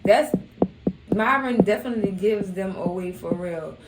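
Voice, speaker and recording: A young woman who runs a recap channel talks casually about a show at normal speed, often laughing and acting out quotes. Her pitch is medium. She sounds far from the mic in an echoey room with heavy background noise.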